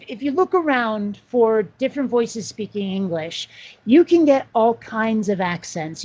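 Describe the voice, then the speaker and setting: Chatty woman with a high voice. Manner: chatty, animated, rambling with restarts and asides. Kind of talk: casual chat.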